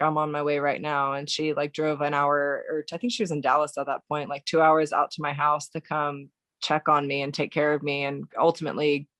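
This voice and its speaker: A young American woman, a podcast guest, recounting a painful day in a halting way with many fillers and restarts. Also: deep voice, no room sound. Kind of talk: emotional personal recollection.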